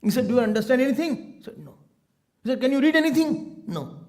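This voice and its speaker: A man, a swami, telling a sacred story in an animated sermon and acting out the voices of its people. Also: very high voice, fast talker. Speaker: swami giving a spiritual discourse.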